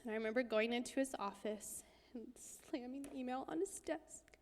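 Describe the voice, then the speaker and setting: A woman giving a sermon, telling a personal story intensely and emphatically, sometimes dropping to a hushed whisper. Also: a little high, moderate pace, a little hiss or hum. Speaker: guest speaker. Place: church hall. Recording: long hall reverb.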